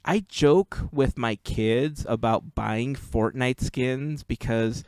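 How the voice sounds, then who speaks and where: A man's voice: medium pitch, a little mellow, clear, resonant tone, no room sound. A man hosting a podcast, chatting casually and telling stories with easy laughs. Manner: chatty, laughs easily, drawn-out storytelling. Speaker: podcast host. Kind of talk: casual chat.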